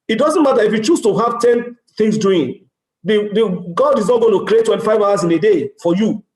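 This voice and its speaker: Speaking with a Nigerian accent, this middle-aged conference speaker has a high voice with a darkish tone. He delivers a motivational business talk, playing out dialogue and driving points home through repetition. The recording carries the echo of a large conference hall.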